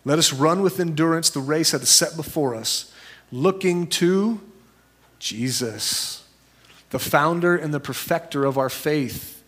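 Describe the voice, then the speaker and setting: Male pastor with a higher voice, casual storytelling sermon delivery. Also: measured pace, fairly bright tone, slightly rough. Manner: conversational, storytelling preacher; shifts into high voices for quoted people.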